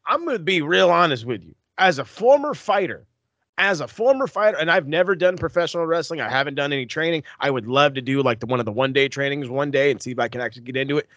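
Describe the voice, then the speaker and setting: A young man rants bluntly in casual podcast chat, swearing freely. His voice sits a little high, and the recording is dry and close. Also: fast, dry recording, highs cut off. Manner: blunt, profane, animated ranting. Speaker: podcast co-host.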